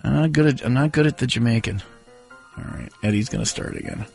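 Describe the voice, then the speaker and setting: A male radio host joking through energetic morning show banter. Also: mid-range voice, fast, vocal fry, music in the background.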